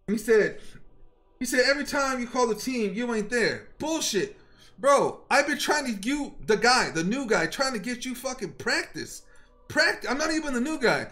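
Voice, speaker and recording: A man's voice: high-pitched, fairly bright tone. A man streaming live and telling his chat a story in a heated rant, profane, confrontational and worked up. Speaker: game streamer.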